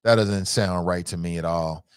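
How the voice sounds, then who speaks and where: A middle-aged man hosting a talk show, reading viewer comments and answering them in an animated, emphatic way. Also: low voice, clean tone, no echo, clean studio sound. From United States. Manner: animated, emphatic, drawn-out repetitions. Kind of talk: casual live-stream talk.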